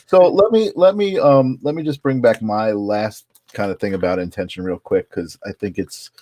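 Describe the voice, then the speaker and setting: A man's voice: fairly low pitch, moderate pace, dark tone, no room sound. Earnest man telling a story, dry sound. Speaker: podcast co-host. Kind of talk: casual conversation.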